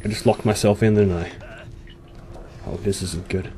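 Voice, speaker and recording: A man's voice: deep voice, fairly even intonation, normal speed, mellow, a little hiss or hum. A young man giving nervous commentary on a horror game, swearing and talking to himself and to the characters. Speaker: gamer. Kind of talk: horror let's play commentary.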